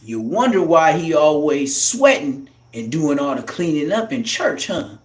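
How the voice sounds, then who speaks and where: Profane high-voiced man ranting on a livestream. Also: sing-song, measured pace, echoey room, far from the mic. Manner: loud, profane, heated storytelling. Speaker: live streamer. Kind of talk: profane comic rant on a livestream.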